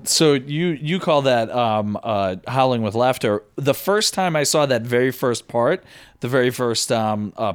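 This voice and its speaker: A man guesting on a film podcast, casually and animatedly retelling movie scenes, stumbling over words and acting out his own reactions. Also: medium pitch. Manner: animated, many fillers and restarts, acts out his reactions.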